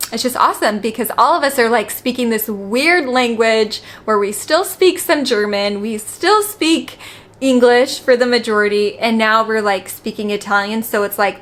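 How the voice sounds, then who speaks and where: A woman's voice: fairly high pitch, a bit bright. A woman, a mother and vlogger, chatting casually to camera with lots of "like" fillers and easy laughter. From United States.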